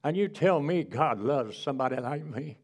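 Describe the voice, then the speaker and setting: A man's voice: medium pitch, expressive, normal speed. A man preaching, voicing an older ex-convict man who speaks bluntly and bitterly.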